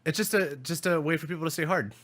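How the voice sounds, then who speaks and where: A man's voice: on the high side, quick pace. Young man in casual, sweary gaming chat. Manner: animated, swears freely, many restarts. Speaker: podcast co-host.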